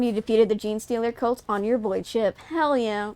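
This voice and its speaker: A woman streamer talking into a headset in a smooth, clear voice that sits a little high. She swings between reading game lines aloud and excitable, cursing, giggly chatter. The sound is close and dry. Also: normal speed, few pauses, no room sound. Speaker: streamer playing a video game. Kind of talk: casual live-stream chat and reading game text aloud.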